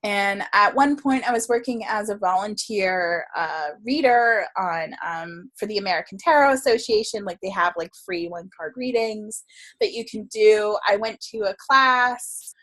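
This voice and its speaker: A woman's voice: mid-range voice, expressive, normal speed, a bit bright. A woman guest telling a story in a casual interview, chatty and full of fillers, laughing often. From Florida. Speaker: guest, tarot reader and writer.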